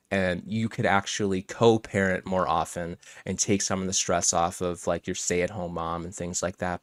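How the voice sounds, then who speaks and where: A man's voice: low voice, no room sound, studio quality. A young man giving blunt, casual reaction commentary, swearing freely in a conversational way. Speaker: commentary channel host.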